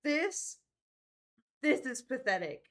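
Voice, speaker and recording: A woman's voice: high-pitched, big pitch swings, slow, exaggerated voice. A woman voicing a defiant young male adventurer in a tabletop game, talking urgently.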